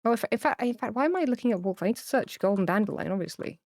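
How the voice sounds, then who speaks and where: Streaming a game with her camera off, a woman chats to viewers in a rambling, filler-heavy way, tearfully gushing over cute pets. She speaks rapid-fire and animated, a little high and a little mellow. Her streaming mic gives dry, studio-quality sound.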